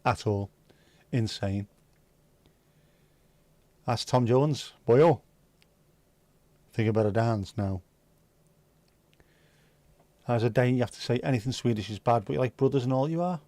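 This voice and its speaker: A livestream host with a Liverpool (Scouse) accent chats casually, rambling and joking. His voice is mid-range and mellow, with a moderate pace and long pauses, in a dry recording.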